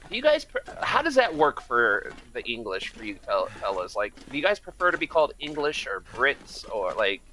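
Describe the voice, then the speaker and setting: A man from Michigan talks loosely to his live-stream viewers as he plays, wandering from topic to topic and greeting people by name. His voice has a bright, forward edge, sitting in a middle pitch. A faint hum runs underneath. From Michigan, United States. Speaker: game streamer. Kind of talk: casual live-stream chat while playing.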